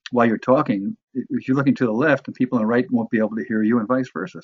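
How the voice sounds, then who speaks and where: A man's voice: medium pitch, breathy edge, no room sound, dull audio. A man from the New York area teaching a course on sales presentations, talking in a conversational way with frequent restarts and repeated words. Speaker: course instructor. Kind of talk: instructional talk on sales presentations.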